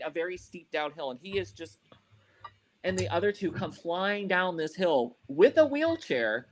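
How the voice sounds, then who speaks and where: This man's voice sits fairly high, with slight noise in the background. As a podcast co-host, he spins a rambling, profane story in loose conversation, leaning heavily on "like" and "you know."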